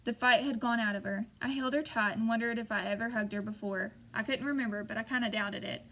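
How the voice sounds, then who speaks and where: A woman's voice: a little high, fast, pushed and bright, slight background noise. A woman narrating a novel in the first person, voicing the characters lightly. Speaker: audiobook reader.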